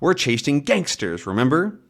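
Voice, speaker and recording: A man reading out a young male reporter from a comic in a brisk, reproachful tone. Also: a little high, big pitch swings, a bit bright, heavily acted. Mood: scolding.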